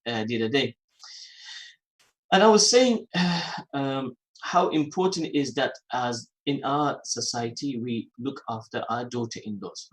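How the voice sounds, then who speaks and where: A male host of a religious phone-in radio show, speaking at a middle pitch into a studio microphone. He repeats his points for emphasis and mixes in Arabic and Urdu terms as he reads out listener messages. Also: low-quality recording.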